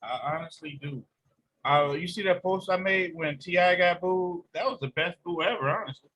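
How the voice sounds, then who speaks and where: A man's voice: high voice, normal speed, highs cut off. A man hosting a casual podcast, telling stories animatedly with lots of swearing. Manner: animated storytelling, heavy profanity. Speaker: podcast host.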